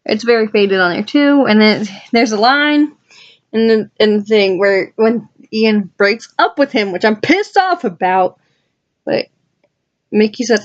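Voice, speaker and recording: A woman's voice: mid-range voice, moderate pace, muffled recording. A woman vlogger chatting casually and with enthusiasm as she flips through her journal, adding asides to her viewers. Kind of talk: casual rambling chat.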